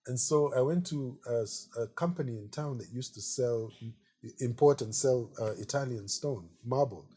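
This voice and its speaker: A middle-aged man, an artist being interviewed, telling relaxed anecdotes in a chatty way and often saying "you know". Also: medium pitch, normal speed, slightly rough. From Kenya.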